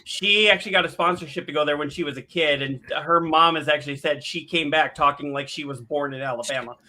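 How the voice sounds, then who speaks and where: Bright-voiced man telling rambling stories. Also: on the high side, quick pace. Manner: rambling anecdotes, restarts, acts out quotes. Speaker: podcast co-host. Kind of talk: casual chat.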